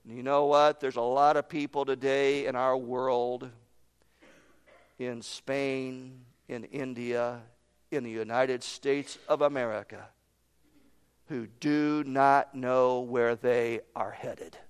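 A man preaching a sermon, emphatic, with his voice swinging between loud proclaiming and quiet drops. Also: mid-range voice, steady tone, takes it slowly, clean tone. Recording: long hall reverb.

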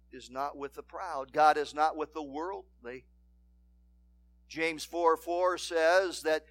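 High-voiced emphatic preaching man. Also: no room sound. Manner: emphatic preaching, swinging from loud declarations to hushed asides; reads scripture in King James wording. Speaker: pastor. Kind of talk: sermon.

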